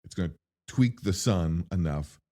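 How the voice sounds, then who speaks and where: A man hosting a film reaction, talking in an excitable, rambling way, swearing freely and getting animated when worked up. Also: measured pace. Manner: excitable and rambling, with profanity and big pitch swings when worked up. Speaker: movie reviewer host.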